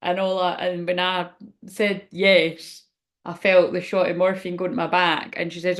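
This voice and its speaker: A woman's voice: fairly low pitch, brisk, a bit bright. A woman speaking as a spiritual reader in a rambling, frank livestream chat, swearing now and then.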